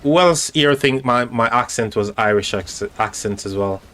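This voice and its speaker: A medium-pitched, slightly bright male voice at normal speed belongs to a streamer chatting loosely with viewers. He comments on a strategy game, rambling and addressing chat directly with many fillers and restarts.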